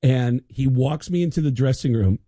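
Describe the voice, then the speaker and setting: A man, a guest comedian, telling an animated comic story on the radio, slipping into impressions. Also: medium pitch, normal speed, dry recording, clean studio sound.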